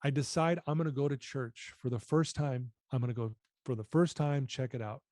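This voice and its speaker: Earnest man in his fifties, mellow voice. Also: mid-range voice, fairly quick, no room sound. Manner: earnest, emotional storyteller. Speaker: guest. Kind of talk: storytelling in a podcast interview.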